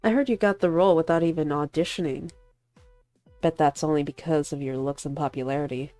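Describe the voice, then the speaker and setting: A woman voicing a spiteful young male actor in a visual novel, in a sharp, taunting manner. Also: sits low, fairly quick, dry recording, soft background music, lightly acted. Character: spiteful young man, rival actor bent on revenge.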